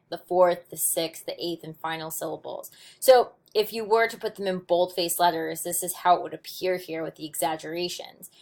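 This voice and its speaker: A woman teaching a recorded lesson on poetic meter, explaining step by step with frequent ums and restarts. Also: fairly low pitch. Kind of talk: recorded lecture on poetry notes.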